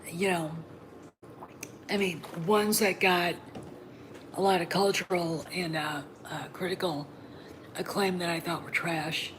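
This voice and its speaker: Woman podcast host, low-pitched, opinionated solo talk with frequent fillers, faint hiss behind her. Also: unhurried, pauses often. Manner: animated, blunt, swears freely, many fillers.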